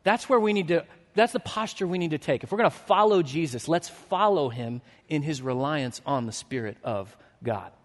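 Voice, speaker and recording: A pastor in his thirties preaching a sermon. He tells a story with lively energy, then drops to a hushed, earnest tone. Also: on the high side, normal speed, few pauses. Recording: long hall reverb.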